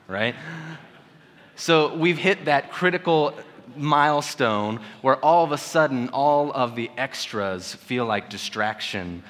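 A man in his thirties preaching in a church, his voice at an ordinary middle pitch. He talks in an easy, joking way and breaks into sudden loud bursts for emphasis. A long reverb from the large room trails every phrase. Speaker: pastor. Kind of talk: sermon. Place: church sanctuary.

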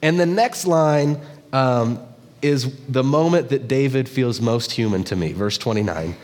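A male pastor giving a sermon, telling jokes and stories in an animated way. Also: mid-range voice, a little slow. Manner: animated storytelling, joking asides. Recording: long hall reverb.

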